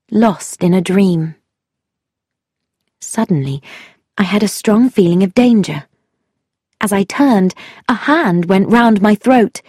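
Slow, measured woman storyteller. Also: medium pitch, darkish tone, breathy edge, no echo, clean studio sound. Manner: measured, deliberate reading. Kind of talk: scripted narration.

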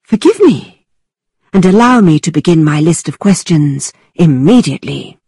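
Woman doing a witty young gentleman, mock-formal, teasing, storybook, lively pitch, breathy. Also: moderate pace, no room sound, heavily acted. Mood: playful, theatrical. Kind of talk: storybook reading.

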